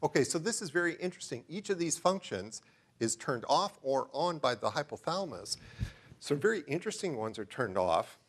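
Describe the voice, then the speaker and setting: A middle-aged researcher's high-ish, slightly rough voice carries a very animated, fairly quick lecture to a live audience. He digresses enthusiastically and keeps stopping to ask the room questions.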